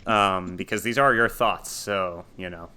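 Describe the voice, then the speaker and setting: Bright-voiced man running a horror game. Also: sits low, measured pace, smooth. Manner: casual, laughing asides, many ums. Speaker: game master. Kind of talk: narrating a tabletop horror game.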